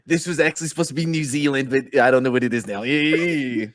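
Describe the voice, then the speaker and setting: A man's voice: mid-range voice, very fast, no room sound. A man playing a tabletop game, chatting casually and joking. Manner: joking, animated. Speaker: player.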